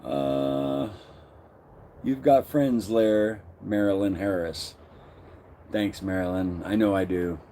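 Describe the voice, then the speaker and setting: A man's voice: low voice, slow, pauses often, warm tone, slight background noise. A middle-aged man hosting a casual live stream, greeting viewers by name and reading their comments aloud.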